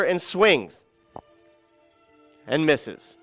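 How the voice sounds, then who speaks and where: Man storyteller, high-pitched, bright tone, dramatic delivery, acts out quotes. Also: fairly quick, soft background music. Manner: dramatic storytelling, quoting others in softened and raised voices. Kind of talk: told personal story.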